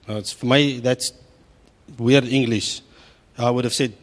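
A middle-aged South African man preaching a sermon, telling stories with an animated, humorous delivery. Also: mid-range voice, normal speed, big-room sound.

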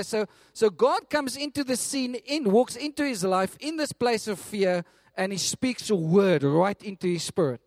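A man preaching a sermon, animated and storytelling, often repeating himself as he goes. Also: sits high, normal speed, no room sound, clean studio sound.

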